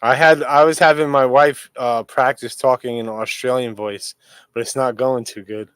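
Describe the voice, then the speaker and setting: A man's voice: mid-range voice, fairly even intonation, normal speed, a bit bright, clean tone. A man with a mid-range voice co-hosts a live stream in loose, self-deprecating chat. His speech comes through dry, with no room echo. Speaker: co-host.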